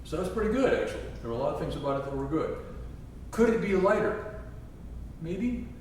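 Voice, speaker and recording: A man's voice: fairly high pitch, big pitch swings, fairly quick, darkish tone, recorded from a distance, slight background noise. Man teaching in a very echoey hall. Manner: scat-sings musical phrases to demonstrate. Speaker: trombone teacher leading a masterclass. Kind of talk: masterclass teaching. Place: chapel used as a concert hall. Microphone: distant room mic.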